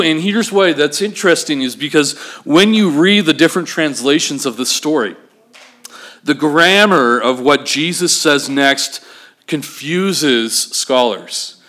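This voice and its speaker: A male pastor preaching a sermon, animated, acting out scenes and asking the congregation questions. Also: a little high, a little slow.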